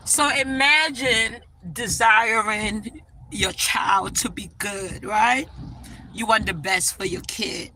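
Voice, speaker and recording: A woman's voice: fairly high pitch, slow pace, bright, forceful tone, a little hiss or hum, low-quality recording. A woman hosting a casual spiritual livestream, talking with feeling and often checking in with "right?". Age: adult parent. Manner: emotional, tearful at times, many "right?" asides. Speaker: livestream host.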